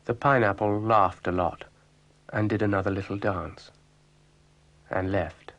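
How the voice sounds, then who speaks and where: A man narrating a children's storybook in an unhurried manner. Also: fairly low pitch, fairly even intonation, a bit bright. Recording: dry with faint music.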